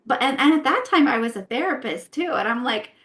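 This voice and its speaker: A woman who used to be a therapist explains her views as a guest on a casual podcast, asking herself rhetorical questions and often tagging on "right?". Her high-pitched voice is fairly quick and bright, with lively intonation.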